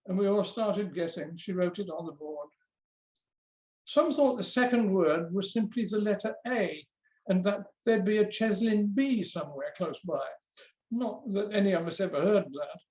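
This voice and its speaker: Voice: mid-range voice, normal speed, a little mellow. Memoir reader in an echoey room. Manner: conversational storytelling with quoted voices. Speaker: guest reader at book launch. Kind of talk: memoir reading aloud.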